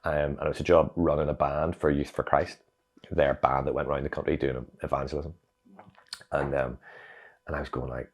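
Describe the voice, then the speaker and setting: A Northern Irish man, an interview guest, telling a personal story in a reflective, animated way with many fillers. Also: very deep voice, fairly quick, slightly rough. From Northern Ireland.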